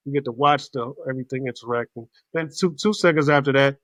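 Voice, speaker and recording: A man hosting a podcast, telling a casual story in an animated, profane way. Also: mid-range voice, fast talker, few pauses, no echo. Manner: animated, profane, acts out other people's voices. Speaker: podcast host.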